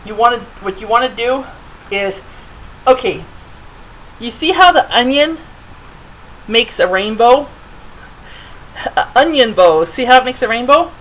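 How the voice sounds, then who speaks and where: A woman's voice: a little high, very noisy. Chatty woman giving a kitchen demonstration. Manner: chatty, rambling, with fillers. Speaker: cooking show host. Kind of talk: casual cooking demonstration. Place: home kitchen.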